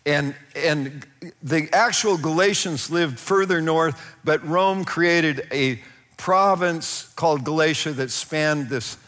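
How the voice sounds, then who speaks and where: Male pastor, fairly high voice, storytelling sermon in a reverberant hall. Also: slow pace. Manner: animated storytelling with laughs and acted-out voices.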